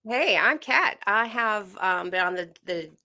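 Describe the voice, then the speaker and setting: A woman co-hosting a podcast with a mixed Southern and Midwestern US accent, relaxed and laughing, with halting restarts. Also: mid-range voice. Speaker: podcast co-host. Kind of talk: casual podcast chat.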